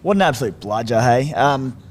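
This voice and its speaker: A man's voice: mid-range voice, lively intonation, fairly quick, slight background noise. Laid-back man talking footy. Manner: laid-back, rambling storytelling. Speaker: podcast co-host. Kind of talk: casual sports chat.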